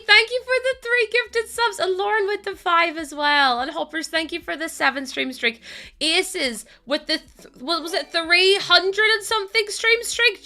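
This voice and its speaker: A woman's voice: extremely high pitch, bright, forceful tone. A young woman chatting casually on her live stream, worn out, chatty and prone to giggling as she thanks viewers. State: tired.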